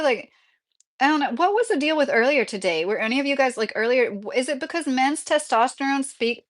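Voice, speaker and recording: A woman live streaming from home, chatting casually, reading out chat messages and laughing often. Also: on the high side. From Kentucky, USA.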